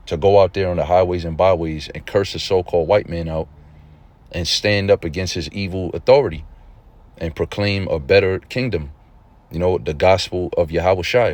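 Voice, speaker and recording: Teaching an informal religious lesson, a deep-voiced man preaches conversationally at a normal speed. He frequently checks in with those listening and becomes excited and emphatic at points.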